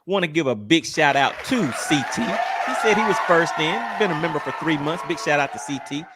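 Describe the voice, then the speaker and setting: A man's voice: a little high, animated, fairly quick, heavy background noise. A man hosting a fishing live stream, chatting casually, teasing his guest and laughing a lot.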